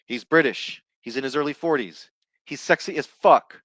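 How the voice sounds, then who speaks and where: A man's voice: mid-range voice, moderate pace, a bit bright, dry recording. A man ranting on a movie news show, blunt and profane, reading headlines aloud and tossing in asides. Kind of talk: casual ranting commentary.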